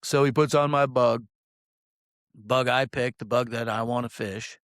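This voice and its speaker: Speaking casually into a close mic, a fishing guide rambles through his story with lots of swearing and many "um"s. His male voice sits at middle pitch with fairly even intonation and a measured pace, and the sound is dry and echo-free.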